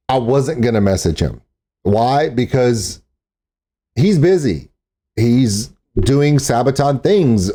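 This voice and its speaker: Outdoors in a parking lot, a vlogger narrates casually, talkative and self-deprecating. His voice is mellow and medium in pitch.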